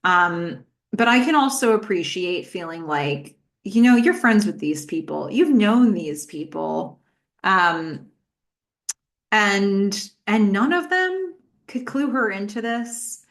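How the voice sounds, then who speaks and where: A woman's voice: mid-range voice, animated, slow pace. A woman hosting a podcast, giving a chatty recap of a TV episode with many fillers and questions for her listeners. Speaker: podcast host.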